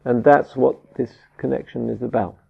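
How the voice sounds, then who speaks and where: A man teaching a Buddhist dharma talk, halting and searching for words with frequent restarts, on a dull lo-fi recording. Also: medium pitch, steady tone, gravelly, husky. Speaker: meditation teacher.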